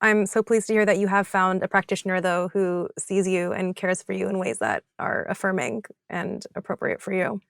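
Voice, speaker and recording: A woman's voice: medium pitch, moderate pace, vocal fry, hardly any pauses, clear, resonant tone, dry recording, studio quality. A woman hosting a podcast interview, responding in an affirming way and sharing a related anecdote. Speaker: podcast host.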